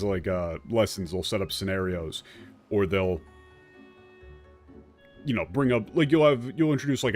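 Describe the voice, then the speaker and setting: A man streaming a video game, chatting casually in a rambling way and laughing often. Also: low voice. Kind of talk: casual gameplay commentary.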